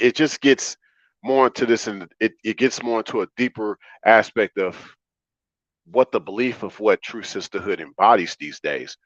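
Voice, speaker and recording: A man's voice: low voice, a bit bright, no echo, lo-fi sound. Emphatic man preaching on a livestream. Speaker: livestream host. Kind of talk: livestream monologue.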